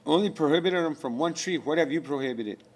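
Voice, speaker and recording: A man's voice: on the high side, a little fast, a little mellow. A man delivering a rambling spiritual rant, profane and preachy, full of rhetorical questions.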